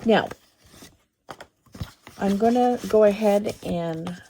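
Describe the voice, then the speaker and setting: A woman hosting a papercraft tutorial, talking through each step in an unhurried, think-aloud way. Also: mid-range voice, gravelly, dark tone, slight background noise. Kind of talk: craft tutorial demonstration.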